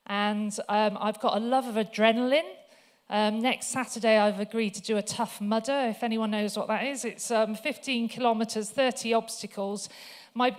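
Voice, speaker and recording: At a church, a guest speaker with a mid-range voice tells funny personal stories in a chatty style full of fillers before turning to scripture.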